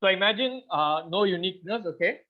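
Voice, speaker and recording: A man in his thirties with a high voice leads a public speaking class over a video call. He is animated, laughs often and keeps asking the audience questions. The sound is dull and lo-fi. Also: a little fast. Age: 30s. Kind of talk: online class presentation.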